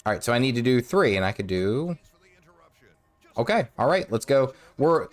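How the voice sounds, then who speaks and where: A man's voice: mid-range voice, sing-song, normal speed, long pauses. A man streaming a video game in a casual, rambling way, correcting himself and humming to himself, with a sore, cracking throat. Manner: rambling, self-correcting, hums and sings nonsense to himself. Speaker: gaming streamer. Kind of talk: casual live-stream commentary while playing.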